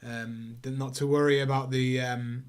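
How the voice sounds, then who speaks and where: A male podcast co-host with a clean, medium-pitched voice that barely moves in pitch speaks at normal speed. In a casual film review chat, he rambles with plenty of fillers and acts out quotes in silly voices.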